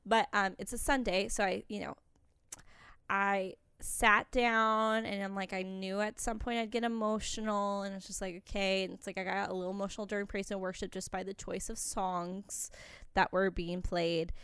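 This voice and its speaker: Young woman, podcast co-host, casual and candid, rambling, smooth clear voice, dry close sound. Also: medium pitch, flat delivery, normal speed, a bit bright, no echo. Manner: candid, rambling, with frequent laughs. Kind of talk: casual chat.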